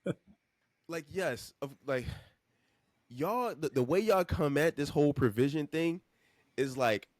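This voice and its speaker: A man's voice: fairly high pitch, unhurried, pauses often, dry recording, studio quality. A man co-hosting a podcast, talking in casual slang and acting out hypothetical exchanges. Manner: animated slangy talk, acts out hypotheticals. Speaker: podcast co-host.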